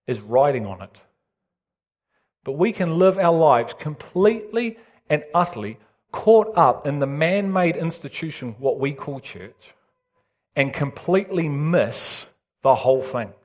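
A man's voice: fairly high pitch, animated, unhurried, long pauses, darkish tone. A man preaching a sermon with urgent intensity and emphatic repetition.

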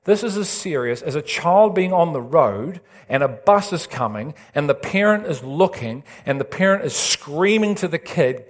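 A male preacher delivers his sermon with deadly earnest intensity, driving points home through repetition and rising emphasis. His voice sits a little high for a man. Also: lively intonation, normal speed, hardly any pauses.

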